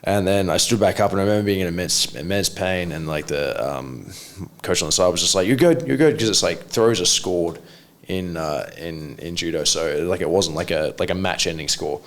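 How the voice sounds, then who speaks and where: A man with a fairly low voice tells stories as a podcast guest. He rambles and restarts his sentences a lot. He swears casually as he talks. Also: normal speed, a bit bright. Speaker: guest, martial arts coach.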